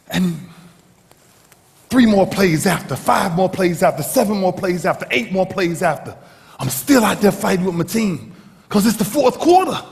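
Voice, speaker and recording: Male motivational speaker, dramatic storyteller, very animated delivery in a reverberant hall. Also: vocal fry. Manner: dramatic storyteller, swinging from shouts to hushed lows. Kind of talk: motivational speech to a live audience.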